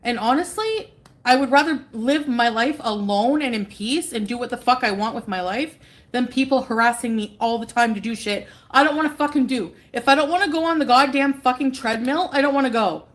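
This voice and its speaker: A woman's voice: a little high, fairly quick. A tired, unwell woman talking on a livestream, defensive and irritated, swearing often. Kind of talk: casual livestream chat.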